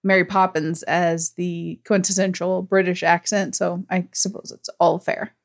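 A woman's voice: on the low side, level tone, measured pace, gravelly. An American woman co-hosting a casual movie review chat, wry and teasing, laughing easily. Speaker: podcast co-host.

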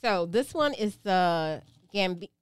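A woman with a fairly low voice that still swings up and down a lot as she leads a relaxed wine tasting. She keeps things moving with quick agreements. The sound is close and dry, with no room around it. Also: clean tone, dry recording. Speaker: podcast co-host leading a wine tasting. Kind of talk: casual chat.

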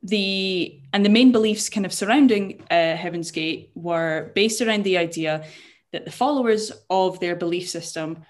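A woman's voice: lowish voice, moderate pace. A young woman co-hosting a casual chat show, explaining a story in a jokey, swearing way with frequent laughs and restarted words. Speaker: podcast co-host.

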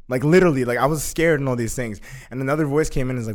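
Young man, casual chat, excitable, profane, acts out quotes, laughs often. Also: medium pitch, fast. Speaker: storyteller.

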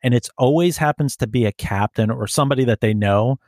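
A police officer with a mid-range, darkish voice tells profane stories in casual conversation, impersonating the people he encounters in quick put-on voices. The sound is clean studio audio with no room sound.

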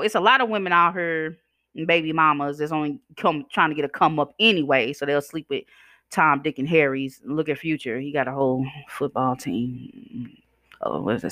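A woman's voice: low-pitched, pushed and bright, no echo, clean studio sound. A woman hosting a podcast, ranting casually with a blunt, sassy, profane manner and a slight slur from chewing gum, speaking. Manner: blunt, sassy, profane, addresses listeners as "y'all" and "child". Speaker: podcast host.

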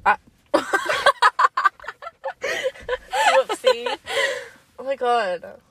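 A young adult woman co-hosting a podcast, chatty and quick to laugh, still getting over a lingering illness. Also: very high-pitched, wildly swooping pitch, vocal fry, fairly bright tone, no echo. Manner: chatty, laughs often, swears casually. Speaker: podcast co-host. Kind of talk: casual chat.

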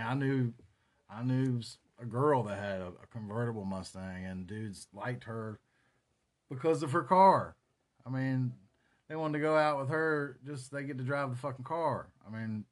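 A man in his forties with a North Carolina Southern accent, hosting a solo podcast and reminiscing in a rambling, profane, casual way. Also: on the low side. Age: 40s. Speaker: podcast host.

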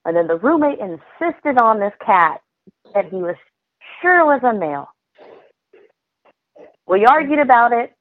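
A woman telling animated, swearing stories in a casual podcast chat, heard over a tinny line. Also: a little high, unhurried, pauses often, no room sound. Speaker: podcast guest. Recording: tinny phone-like line, dry.

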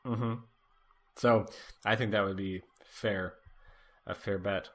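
A man's voice: lowish voice, takes it slowly. Laid-back man recapping a show. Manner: relaxed, lots of "like" and "kinda" fillers. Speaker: podcast co-host. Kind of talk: casual chat recapping a TV episode.

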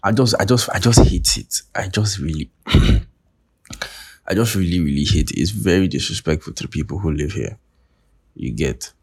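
Low, gravelly Nigerian man ranting. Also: lively intonation, normal speed. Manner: profane, ranting, sarcastic. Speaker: podcast host. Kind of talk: casual monologue.

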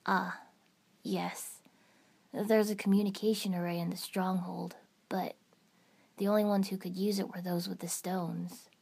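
A beaten, miserable man who answers in a hesitant, subdued way, as a woman reads him. The voice is low and husky. This comes from a fan fiction audiobook reading. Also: level tone, a little slow, long pauses, darkish tone, heavily acted. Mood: defeated.

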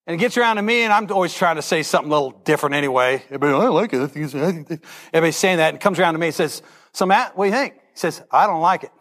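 Guy preaching with a fairly high voice, acts out every line, storytelling sermon. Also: racing. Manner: animated, acts out the characters' lines. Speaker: pastor.

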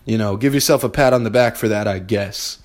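A man's voice: fairly low pitch, fairly quick. A young man hosting a podcast, giving a blunt, profane, fired-up motivational monologue straight to his listeners. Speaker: podcast host.

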